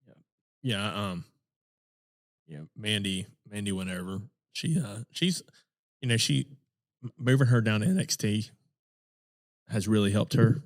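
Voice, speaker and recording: Low-voiced man in casual podcast banter. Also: a little slow, pauses often. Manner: rambling, many fillers and restarts, laughs often. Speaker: podcast co-host. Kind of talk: casual chat.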